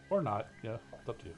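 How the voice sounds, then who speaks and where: A man hosting a game live stream, chatting casually in an easygoing, self-deprecating way. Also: on the low side.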